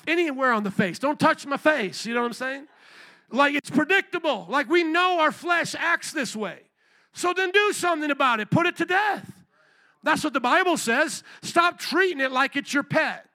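A middle-aged male pastor preaching an animated sermon with call-and-response asides and bursts of shouting. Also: extremely high pitch, moderate pace.

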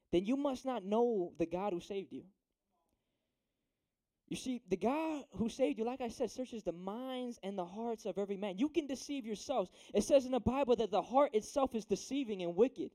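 A young man preaches to a room of teens in an easy, slangy way, keeping up a steady stream of "right?" and "dude." His voice sits high but sounds mellow and warm. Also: moderate pace. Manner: slangy, chatty, asks "right?" often. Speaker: youth preacher. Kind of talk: casual youth sermon.

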